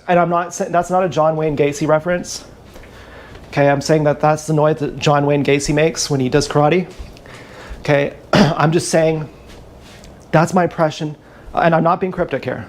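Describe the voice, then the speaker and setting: A man's voice: fairly high pitch, steady tone, moderate pace, a little hiss or hum. A man streaming live, talking in a rambling comic monologue full of restarts and asides. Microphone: action camera.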